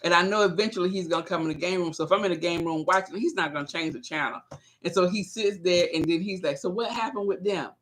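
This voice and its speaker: A woman's voice: lowish voice, fast talker, slight background noise. Woman, vlogger, casual rambling chat, talks straight to her viewers. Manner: chatty, rambling, addresses viewers directly. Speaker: vlogger hosting her own channel.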